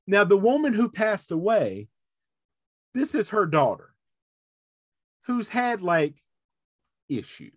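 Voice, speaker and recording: A man's voice: high-pitched, sing-song, measured pace, pauses often, no echo, studio quality. A man hosting a podcast, telling a story in casual chat and acting out the voices of the people in it. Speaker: podcast host.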